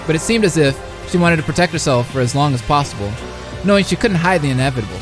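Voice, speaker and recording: Over background music, a young man streams a live reaction, reading a visual novel aloud and playfully bantering with his chat between passages. As a streamer and commentator, he speaks quickly in an expressive, somewhat high voice.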